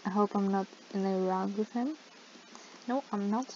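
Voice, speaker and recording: A woman giving playful let's-play gaming commentary with sudden loud outbursts, her voice cracking. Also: medium pitch, moderate pace. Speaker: gaming YouTuber. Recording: slightly dull lo-fi mic with faint noise.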